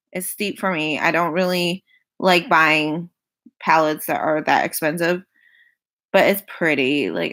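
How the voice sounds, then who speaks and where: Chatty young woman, slightly low voice. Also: pushed and bright. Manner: chatty, repeats herself, sighs and laughs between items. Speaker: makeup vlogger. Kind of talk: casual product rundown.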